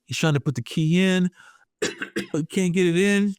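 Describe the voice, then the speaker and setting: A man co-hosting a podcast, talking through a comic with many halting restarts. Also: high voice, smooth, no echo, clean studio sound. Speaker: podcast co-host. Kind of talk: casual comic-book discussion.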